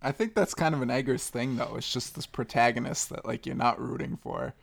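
Gravelly-voiced man with wry film takes. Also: mid-range voice, brisk. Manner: critical, wry. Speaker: film podcast co-host. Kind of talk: casual chat.

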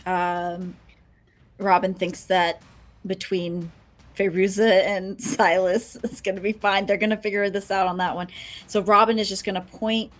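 A woman's voice: mid-range voice, flat delivery, measured pace. A woman playing a tabletop game, chatting casually about her character's moves. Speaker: player.

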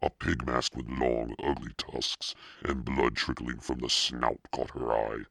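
A man narrating a spooky children's storybook in a steady, suspenseful reading. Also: a bass voice, measured pace, vocal fry, no echo, studio quality. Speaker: audiobook narrator.

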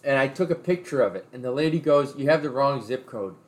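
A man's voice: mid-range voice, expressive, fast talker. A man in casual chat, telling a long story with rambling restarts.

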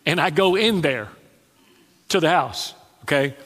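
A man preaching a sermon, telling stories with dramatic pauses and chuckling asides. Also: fairly high pitch, expressive, fairly bright tone. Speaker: pastor. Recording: long hall reverb.

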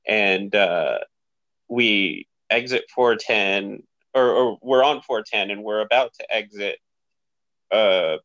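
A man's voice: lowish voice, slow, a bit bright, no echo, muffled recording. A man who is a podcast guest, telling a story in a laid-back, rambling way with fillers. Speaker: podcast guest, best friend. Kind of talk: casual storytelling.

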